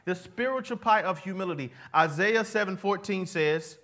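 Guy preaching, call and response, pretty high voice, laid back slangy way of talking. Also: normal speed, pushed and bright. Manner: casual slang, leads the crowd in repeating words.

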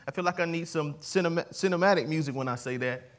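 Male pastor with a high voice, conversational sermon full of call-and-response, talking to a live congregation. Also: brisk, fairly bright tone. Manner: conversational, jokey preaching. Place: church before a live congregation.

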